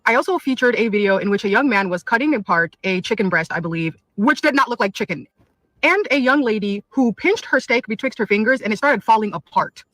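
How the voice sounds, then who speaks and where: A woman's voice: mid-range voice, animated, brisk, fairly bright tone, no echo, poor audio. A woman in a direct-to-camera vlog, earnest and urging, running through lists.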